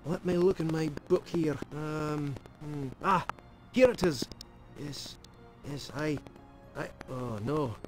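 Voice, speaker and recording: A man's voice: fairly high pitch, slow pace, soft background music, poor audio. An actor playing a kindly, fussy male village herbalist in an adventure game, with a broad stage Scottish accent. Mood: earnest. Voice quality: broad put-on brogue.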